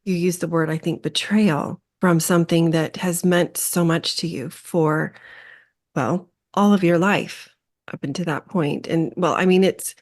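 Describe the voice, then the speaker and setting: Woman, podcast host, lowish voice, gentle affirming tone, halting phrasing. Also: fairly even intonation. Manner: gentle, affirming, searching for words. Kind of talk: interview conversation.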